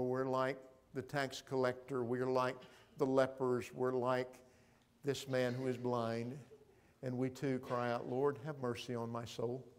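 A man preaching a sermon in a church, moving between loud proclaiming and quiet, hushed appeals. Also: medium pitch. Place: church sanctuary.

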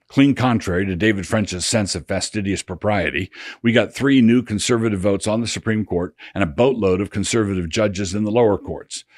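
An older man, a pastor, reading his essay aloud in a measured, sardonic way. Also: on the low side, husky, dry recording, studio quality. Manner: sardonic, measured, drops voice for quotes. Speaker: pastor and blogger.

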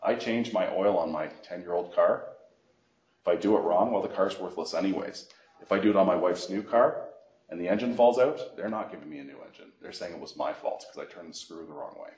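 Male financial educator, middle-aged, animated anecdotal presenter, low voice. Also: fairly quick. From Canada. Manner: animated storyteller, acts out phone calls. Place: library meeting room. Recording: echoey room.

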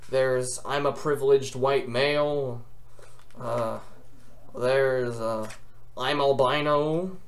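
A young man on a gaming channel, vlogging in a rambling, joking rant full of swearing and exaggeration. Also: medium pitch.

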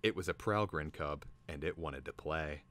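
A man's voice: extremely low pitch, normal speed, fairly bright tone. A man giving a theatrical, dramatic reading of a fantasy story. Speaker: reader.

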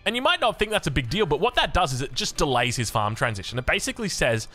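A man's voice: medium pitch, huge pitch swings, quick pace, few pauses, pushed and bright, faint music behind. A young man with an Australian accent, casting a strategy game with jokey, rambling asides. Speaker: game caster. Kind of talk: game commentary with chatty asides.

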